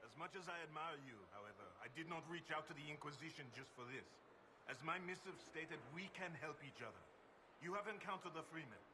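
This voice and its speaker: Casting: a man as a formal, persuasive game refugee leader, slightly high-pitched, steady forest noise behind him. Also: fairly quick, close to an everyday voice. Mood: earnest. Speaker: game character. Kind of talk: video game dialogue. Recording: game audio under forest ambience.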